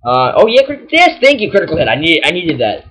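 A young man giving casual let's-play commentary, excitable and exasperated, yelling at enemies. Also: fairly high pitch, a little fast, slightly rough. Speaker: gaming channel host.

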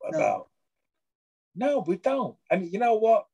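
Middle-aged man, husky, animated and profane, somewhat high voice. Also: measured pace, dull audio. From England. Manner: animated, swearing, acts out gym talk. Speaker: guest artist. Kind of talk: casual chat.

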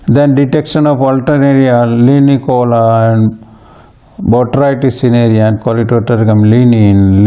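A man giving a plant pathology lecture, slow and halting, with frequent fillers and restarts. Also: medium pitch, warm tone, clean tone. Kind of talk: recorded university lecture.

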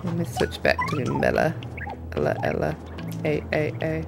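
A woman's voice: deep voice, wildly swooping pitch, moderate pace, gravelly, over loud music. A woman hosting a casual let's-play, chatting and giggling as she plays. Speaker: gaming channel host.

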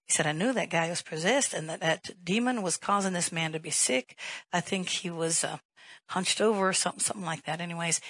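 Woman pastor preaching, lowish husky voice, dry close sound, gets loud and emphatic. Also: no echo, low-quality recording. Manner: emphatic, rising to a raised voice, rhetorical questions. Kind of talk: sermon.

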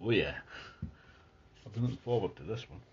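A man giving a casual, chatty beer tasting review at home, describing the beer in relaxed detail. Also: lowish voice, a little fast, lo-fi sound, slight background noise. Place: at home near his Christmas tree.

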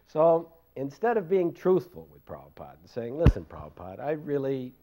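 A man's voice: mid-range voice, big pitch swings, brisk, noisy background. Older man telling a rambling story. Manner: rambling, self-deprecating, laughs often. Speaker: devotee recalling memories. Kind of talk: casual storytelling interview.

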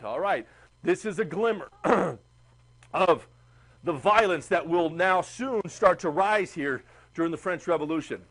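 A man teaching a history class, chatty and animated, asking the class questions. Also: high-pitched, unhurried. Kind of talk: classroom lecture.

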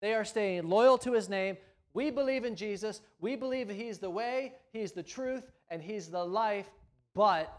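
A male pastor preaches with dramatic swings, punching phrases loudly and then dropping to a near hush. His voice sits a touch high for a man. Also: measured pace. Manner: dramatic, swings from loud emphasis to hushed. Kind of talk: sermon. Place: church sanctuary.

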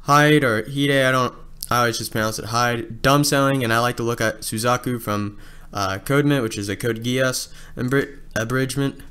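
A man talks through a casting call in a loose, rambling way, often stopping and restarting his sentences. His voice is smooth and clear, sitting at an ordinary pitch for a man. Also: steady tone, normal speed, pushed and bright. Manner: rambling, many fillers and restarts. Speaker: abridged series creator.

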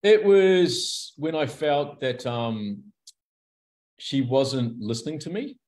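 A man's voice: mid-range voice, slow. A man, a guest in a candid interview, speaking openly and acting out the people in his stories. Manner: animated storyteller, acts out quoted characters.

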